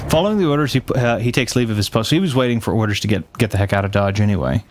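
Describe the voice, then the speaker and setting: A man's voice: on the low side, very fast, noisy background. A man giving casual gameplay commentary while chatting with live viewers, rambling with frequent restarts and self-corrections. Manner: reads game text aloud between chatting with viewers. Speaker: game streamer.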